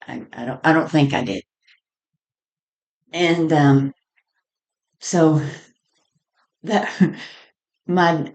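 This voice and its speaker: Woman vlogger, low-pitched and slow, casual meandering storyteller who laughs easily. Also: poor audio. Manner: chatty and meandering, laughing between lines.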